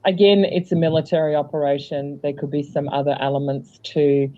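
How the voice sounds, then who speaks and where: A man's voice: a little high, level tone, fairly quick, dark tone. A man speaking as a guest in casual chat, rambling and hesitant, with lots of fillers. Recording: dull lo-fi sound.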